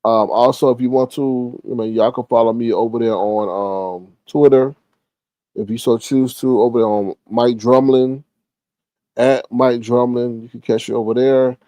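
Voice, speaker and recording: A man's voice: moderate pace, no echo, rough recording. A man casually telling a story to his live stream audience, slangy and profane, acting out the people in it. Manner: animated, acts out quoted people with higher pitch.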